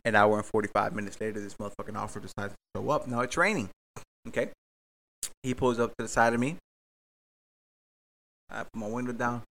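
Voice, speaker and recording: A young man from hosts a casual podcast. His storytelling is excitable and full of swearing, and he acts out every exchange as he retells it. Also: lowish voice, a little fast, long pauses. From Miami, Florida. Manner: profane, excitable, acts out the dialogue. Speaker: podcast host. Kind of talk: animated storytelling.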